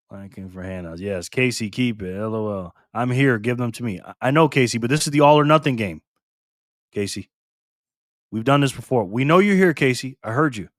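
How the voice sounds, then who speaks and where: A man's voice: mid-range voice, no room sound, clean studio sound. A man hosting a casual live stream, reading viewer comments aloud in a playful, teasing way and laughing often.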